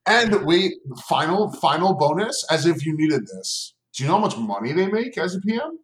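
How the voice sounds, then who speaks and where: A man's voice: fairly high pitch, sing-song, moderate pace, a bit bright. A young man co-hosting a casual podcast chat, teasing, swearing freely and laughing a lot. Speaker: podcast co-host.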